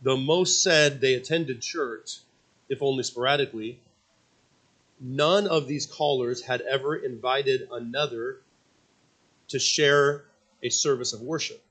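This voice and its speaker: Male pastor, church sermon, mid-pitched voice, halting with restarts and rhetorical questions. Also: fairly bright tone, rough recording. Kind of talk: sermon, reading an account aloud. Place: church service.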